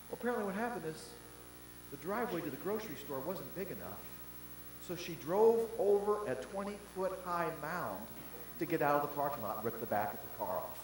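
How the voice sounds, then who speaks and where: An older male pastor preaching a sermon, telling stories with animated swings from shouts to hushed tones, recorded in a large pavilion. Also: a little high, moderate pace, pauses often. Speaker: senior pastor. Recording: roomy hall with long reverb and faint hum.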